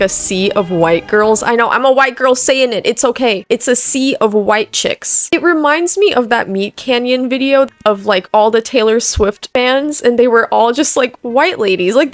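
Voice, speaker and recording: A woman's voice: on the high side, no echo. A young woman hosting a reaction video, talking casually in a blunt, sarcastic way and swearing freely.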